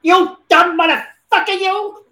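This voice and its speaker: A man putting on an explosive, foul-mouthed male film gangster, shouting high and loud. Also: steady tone, measured pace. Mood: furious. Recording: roomy with faint background noise.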